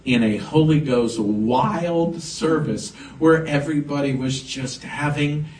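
A man preaches as pastor, his fairly high voice carrying through an echoey sanctuary from some distance off the mic. He builds and swells on key words with emphatic conviction. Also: takes it slowly, a little mellow. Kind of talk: sermon. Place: church sanctuary.

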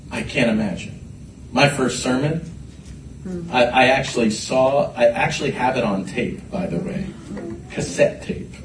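A man preaching a sermon to a congregation, animated and repeating his words as he rises to shouts. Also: medium pitch, background noise. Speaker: pastor. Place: church sanctuary. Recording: echoey room from a distance.

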